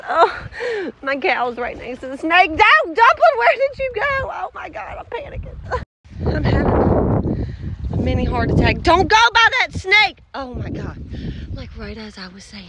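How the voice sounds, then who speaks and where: A woman vlogging from a field on her farm, talking straight to her animals. Her voice sits high and swoops up and down, full of exclamations. The phone picks up plenty of outdoor noise around her. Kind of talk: casual farm vlog.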